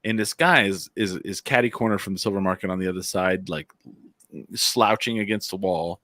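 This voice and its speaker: A man with a low voice co-hosts a relaxed talk show. He rambles through stories with plenty of swearing and keeps breaking into laughter. The sound is dry, with no room around it. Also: moderate pace, no echo. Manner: laughs often while telling stories, loose and profane. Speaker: podcast co-host. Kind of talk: casual storytelling chat.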